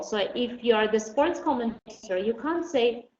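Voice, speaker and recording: A woman teaching an online English lesson. She explains patiently and slowly, with many fillers. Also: fairly high pitch, lively intonation, darkish tone. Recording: dull roomy recording, faint noise.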